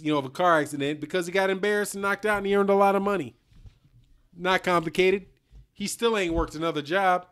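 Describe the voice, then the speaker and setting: A man's voice: fairly high pitch, clean tone. A middle-aged man hosting a boxing live stream, talking bluntly in slang and reading out viewer donations. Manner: blunt, animated slang-heavy talk, reads out super chats. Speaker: boxing channel host.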